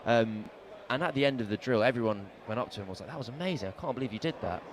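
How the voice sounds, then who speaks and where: A man's voice: medium pitch, rapid-fire, very noisy. A man co-commentating on radio cricket, telling stories in a playful, jokey way and stumbling over names. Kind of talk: casual sports radio chat.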